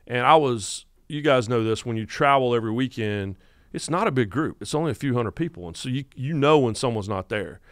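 Male, 50s, North Carolina Southern accent, animated podcast storyteller, dry studio sound. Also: mid-range voice, a little fast, no echo. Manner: animated storyteller who acts out quotes. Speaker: guest podcast host.

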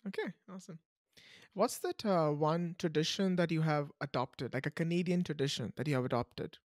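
A man hosting a casual interview, upbeat and quick to laugh as he asks questions. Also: fairly high pitch, no room sound, clean studio sound. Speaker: interviewer host.

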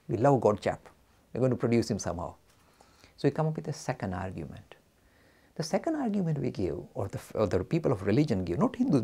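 A middle-aged man giving a lecture, animated and acting out both sides of an argument. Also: mid-range voice, creaky. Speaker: religious studies speaker.

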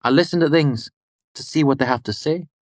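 A man voicing a cheerful old hermit who listens to things, with a bright, rich voice and quaint turns of phrase. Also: on the high side, brisk, no echo, clean studio sound, close to an everyday voice. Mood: friendly.

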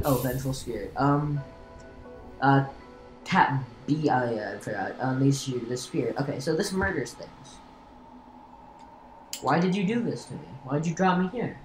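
A woman's voice: very deep voice, measured pace, long pauses, faint music behind. A woman hosting a let's play, rambling through casual gameplay commentary with self-mocking jokes and stumbling restarts. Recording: roomy echo with steady background noise.

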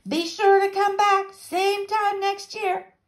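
A woman voicing a rowdy, joyful ghost pirate captain who shouts and whoops, in a storybook read-aloud. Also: very high-pitched, level tone, slow pace, voice pushed up. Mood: hearty.

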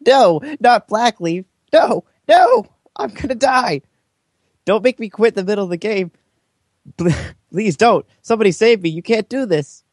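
A whiny teenage girl in a panic , as a man puts her on in falsetto, high and pleading. The recording is dry and close, with no room sound. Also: expressive, a little slow, no room sound.

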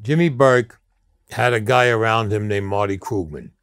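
A man's voice: lowish voice, normal speed, fairly bright tone, clean tone, no room sound. A man in an interview, telling stories in a blunt, streetwise way. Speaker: interview guest. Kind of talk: storytelling interview.

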